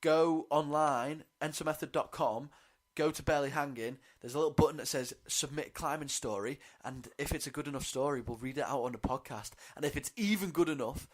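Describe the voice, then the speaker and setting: Laid-back male podcast co-host, slightly high voice. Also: a little fast, few pauses. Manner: laid-back, chatty, slangy. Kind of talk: casual podcast chat.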